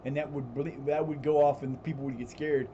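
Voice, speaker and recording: A man spins long, rambling stories on a live stream, his voice mellow and darkish. He restarts sentences often and swears freely. The audio is slightly dull, with a faint hiss behind him. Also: fairly high pitch, steady tone, brisk. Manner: baby talk to his cat. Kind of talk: casual storytelling while gaming.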